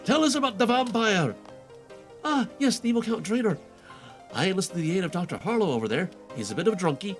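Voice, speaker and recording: A man's voice: high-pitched, very animated, a little fast, soft background music. A man voicing a boastful male impostor who tells grand, made-up adventure stories in a game quest fan voice-over. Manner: grandiose, showy storytelling.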